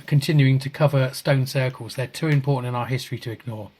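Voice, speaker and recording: A man's voice: mid-range voice, fast talker. Man reading viewer comments on a podcast. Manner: relaxed, chuckles often, stumbles and restarts. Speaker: podcast co-host. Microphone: video call.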